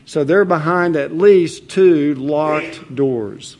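Slow, earnest pastor preaching a sermon. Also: male voice, fairly high pitch, a little mellow, slight background noise. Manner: measured, earnest preaching with occasional fillers.

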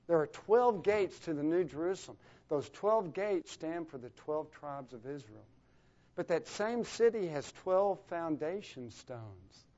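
A man preaching a sermon, his voice swelling louder for emphasis and then dropping to a near hush. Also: fairly high pitch. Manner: rising and falling in volume for emphasis, dropping to a hush. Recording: dull lo-fi recording.

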